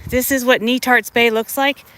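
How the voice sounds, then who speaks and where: Casting note: American woman, casual live-streamer, slightly high voice, winded, phone mic outdoors with clear ambient noise. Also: steady tone, moderate pace, fairly bright tone, low-quality recording. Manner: chatty, talks straight to viewers while walking. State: out of breath. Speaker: livestream vlogger. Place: outdoors on a tidal bay shore. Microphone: handheld phone.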